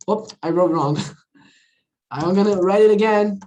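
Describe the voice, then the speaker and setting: A woman's voice: on the low side, measured pace, long pauses, warm tone, rough recording. A woman teaching an online English class in a chatty, casual way, often checking in with her students. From not from the country where she teaches. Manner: chatty, repeats "all right, guys?" and switches into Portuguese.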